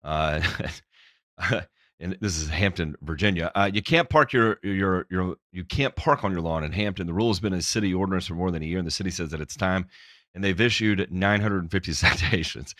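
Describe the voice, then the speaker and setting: A man co-hosting a podcast, reading news items with sarcastic, profane, animated commentary on a close mic. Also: low voice, fairly quick, no room sound. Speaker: podcast co-host.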